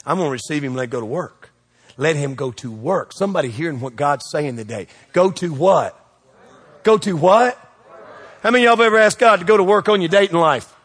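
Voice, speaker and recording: A man's voice: on the high side, expressive, slightly rough, in a large hall. A man preaching a sermon as pastor, joking with the congregation and throwing questions back at them. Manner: preachy and joking, quick shifts in loudness, call-and-response questions.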